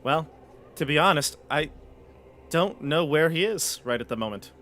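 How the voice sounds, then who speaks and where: A man's voice: on the high side, animated, normal speed, fairly bright tone, slight background noise. Een man die een formele, oudere butler speelt in een live tabletop-spel, beleefd en onderdanig. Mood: polite. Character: formal older male butler servant.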